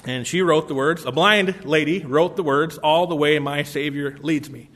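A man preaching a sermon in a somewhat high voice. He stacks rhetorical questions that build loud, then falls back soft and reflective, and he often breaks in with "uh" or restarts his phrases. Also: normal speed. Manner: frequent filler "uh" and restarts. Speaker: pastor.

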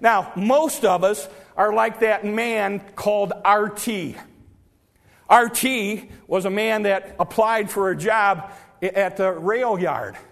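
Male preacher, high voice, folksy storytelling, stammering repeats, long church reverb. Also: slow pace, gravelly, a bit bright. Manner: folksy storytelling, repeats words when pressing a point. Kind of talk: sermon.

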